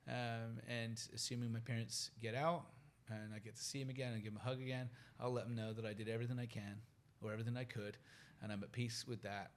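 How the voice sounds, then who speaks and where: A soft-spoken British man in his forties gives a guest interview. He talks in an earnest, reflective way, often trailing off quietly. His pitch sits in an ordinary middle range. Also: flat delivery, fast, few pauses. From United Kingdom.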